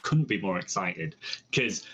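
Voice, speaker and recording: A man's voice: low voice, animated, measured pace, fairly bright tone, soft background music, low-quality recording. A man with a Welsh accent, a guest in a casual review chat, playful and teasing.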